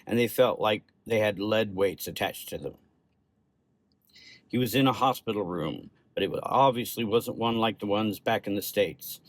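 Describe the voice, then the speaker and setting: A man narrating a horror short story in a steady, measured way. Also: fairly low pitch, no echo.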